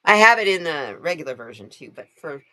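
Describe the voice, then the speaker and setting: Animated, chatty woman on a live stream. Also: low voice, a little fast. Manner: chatty, laughs often, greets viewers by name. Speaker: tarot reader hosting a live stream. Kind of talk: casual live-stream chat with viewers.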